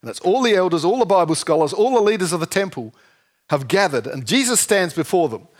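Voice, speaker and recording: A man preaching a sermon, lively and jokey, often asking the congregation questions. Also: high voice, a little fast. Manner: lively, asks the audience questions, jokey asides.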